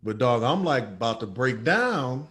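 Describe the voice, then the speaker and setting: Profane, animated male podcast storyteller. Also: mid-range voice, unhurried. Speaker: podcast co-host. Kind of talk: casual storytelling chat.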